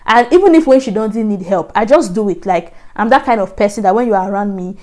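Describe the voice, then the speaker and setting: A woman's voice: mid-range voice, lively intonation, quick pace, darkish tone. Chatty woman vlogger. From Nigeria. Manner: chatty, repetitive, laughing asides. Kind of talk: casual storytelling to camera.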